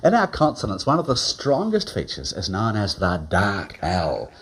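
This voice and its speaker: A man's voice: lowish voice, huge pitch swings, normal speed, a little hiss or hum. A man with a New Zealand accent giving wry, scripted documentary narration.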